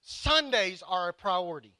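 High-voiced bright pastor. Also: male voice, expressive, unhurried, no echo. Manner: emphatic, builds to raised intensity; prays softly. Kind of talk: sermon. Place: church sanctuary.

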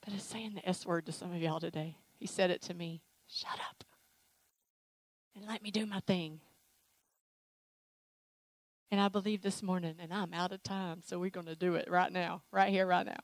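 A woman's voice: fairly low pitch, fairly quick, few pauses, no echo, low-quality recording. Emotional woman preaching, dry close sound. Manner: emotional, animated, playful with acted asides. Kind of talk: sermon with altar call. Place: church sanctuary.

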